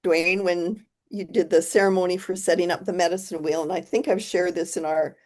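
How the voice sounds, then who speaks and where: A woman presenting on a video call, speaking softly and reflectively, often trailing off and restarting. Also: fairly low pitch, steady tone, a little fast. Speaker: guest presenter. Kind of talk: casual video call chat.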